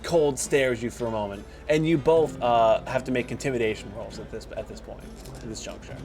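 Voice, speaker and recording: A man narrating as dungeon master in a tabletop game, lively with many fillers. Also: mid-range voice, fairly quick, over loud music.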